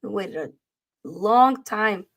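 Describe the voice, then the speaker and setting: A woman's voice: medium pitch, lively intonation, takes it slowly. A woman co-hosting a casual football chat show, talking in a playful, trash-talking way full of slang. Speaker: podcast co-host.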